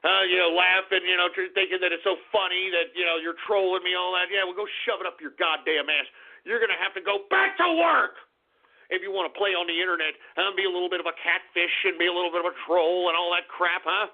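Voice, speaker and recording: A man's voice: sits high, quick pace. A man playing a hot-tempered old radio host and war veteran, who launches into explosive, cursing tirades at his listeners. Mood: ranting. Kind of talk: comedic radio character rant. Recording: tinny phone-like call-in radio line.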